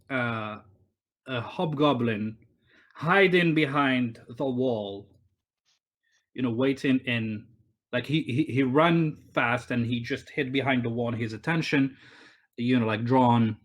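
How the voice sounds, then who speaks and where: A man running a tabletop game over a voice call, narrating loosely with many fillers and restarts. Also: mid-range voice. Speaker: game master. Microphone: online voice call.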